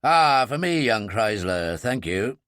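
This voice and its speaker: A man voicing a grim, reluctant older admiral who speaks in a measured, dry way. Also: lowish voice, very animated, fairly bright tone, dry recording, pitched below the performer's own voice, full character voice.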